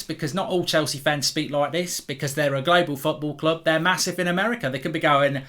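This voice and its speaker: A man hosting a football channel, talking through transfer news in an animated, opinionated way, thinking aloud. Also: fairly high pitch, brisk, few pauses.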